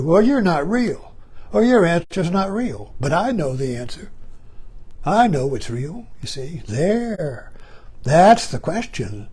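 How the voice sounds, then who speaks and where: An older man giving a reflective spiritual talk as a teacher, slow and emphatic, pausing often and repeating his questions. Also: high-pitched, darkish tone, breathy edge.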